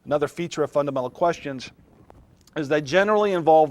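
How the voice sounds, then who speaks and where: A man's voice: a little high, fast, no echo. A middle-aged man, a philosophy professor, lecturing a class in a classroom in a conversational way, often putting questions to his students.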